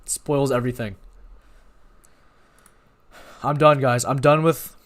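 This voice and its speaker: A young man hosting a live watch party, talking in a rambling, excitable way and often apologizing. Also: mid-range voice, slow. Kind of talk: live-stream reaction chat.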